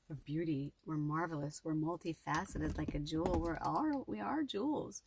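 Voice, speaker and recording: A woman's voice: low-pitched, normal speed, few pauses, a little mellow, slight background noise. A middle-aged woman talking to her viewers in an emotional, rambling personal vlog with a spiritual bent. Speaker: vlogger.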